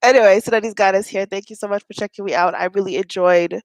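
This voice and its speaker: A woman's voice: mid-range voice, fairly even intonation, fast, no echo, rough recording. A woman hosting a casual mukbang livestream from home, chatty and giggling at her own jokes, with a stuffy nose.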